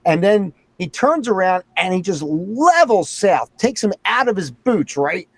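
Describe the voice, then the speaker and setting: Animated storytelling male host, dry sound. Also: sits high, unhurried, dry recording. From Philadelphia area. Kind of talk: casual chat.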